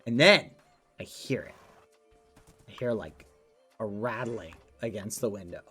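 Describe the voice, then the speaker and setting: A man's voice: fairly low pitch, unhurried, pushed and bright, faint music behind. Chatty man streamer telling stories. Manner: rambling storyteller, many fillers. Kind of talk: casual gameplay stream chat. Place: home room.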